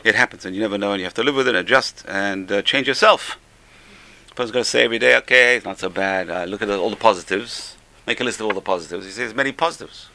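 An older man giving an informal Musar class, conversational, repeating key phrases and getting louder for emphasis. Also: on the low side, fast talker. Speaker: Torah teacher.

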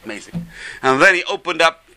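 A man's voice: a little high, expressive, brisk, pushed and bright, poor audio. A man teaching a religious class who speaks in exclamations and uses Hebrew terms. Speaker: Torah teacher.

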